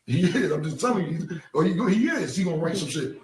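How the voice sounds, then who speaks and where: A man's voice: fairly high pitch, sing-song, quick pace. A man, blunt and profane, telling his side of a story in casual interview talk. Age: 40s. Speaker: interview guest. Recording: roomy echo, mic at a distance.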